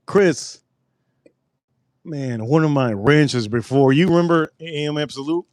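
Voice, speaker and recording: Male livestream host, raised pitch, dry close sound, rambling profane storyteller. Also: a little slow, no echo. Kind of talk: casual livestream chat.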